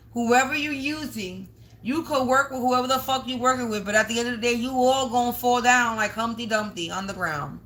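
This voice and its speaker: A woman's voice: fairly high pitch, a bit bright. Blunt, scolding woman tarot reader. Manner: blunt, scolding, swears often, raises voice at times. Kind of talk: confrontational livestream monologue.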